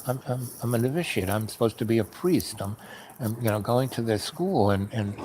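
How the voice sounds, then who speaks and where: A man's voice: medium pitch, darkish tone, a little hiss or hum, rough recording. A man telling a personal story in a casual, rambling way, full of fillers and restarts, frank and candid.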